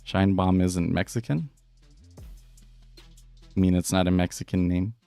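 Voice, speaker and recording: A man's voice: low voice, steady tone, unhurried, creaky, dark tone, clean tone, soft background music. A man casually chatting and rambling through a live day-trading stream, laughing often.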